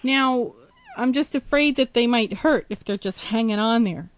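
Blunt, teasing woman with a high voice. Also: moderate pace, background noise. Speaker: host. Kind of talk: casual chat.

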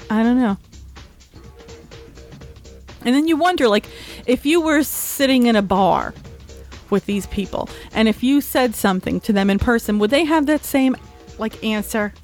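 A woman's voice: medium pitch, moderate pace, soft background music. A woman hosting a casual talk show, ranting and chatting with plenty of filler words. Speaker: host. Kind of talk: casual opinion chat.

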